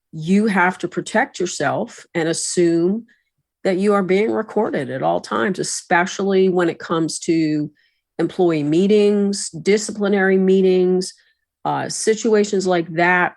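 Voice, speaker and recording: A woman attorney on a podcast, explaining workplace law in a measured, advisory way. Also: lowish voice, creaky, dry recording. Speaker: attorney and resident expert. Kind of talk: podcast discussion.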